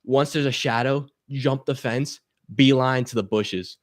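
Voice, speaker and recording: Young male guest, mid-pitch, rambling, curse-heavy anecdote, acts out every quote. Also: measured pace, no echo, studio quality. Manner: profane, animated, acts out quotes. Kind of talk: casual storytelling.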